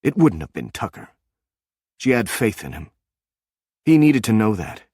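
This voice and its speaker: A man narrates a romance audiobook in a measured, even manner. His voice sits low, and the recording is dry and close with no room sound. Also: husky, no room sound.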